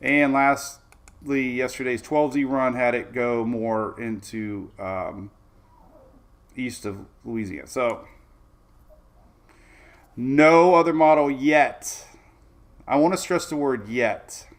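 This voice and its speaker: Taking it slowly in a medium-pitched voice, a man from Florida hosts an easygoing weather segment. He meanders through the forecast maps with lots of fillers and the occasional playful aside.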